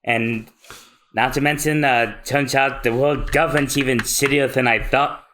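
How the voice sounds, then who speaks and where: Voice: mid-range voice, steady tone, normal speed, fairly bright tone. A podcast co-host who chats casually, reacts with emotion and swears now and then.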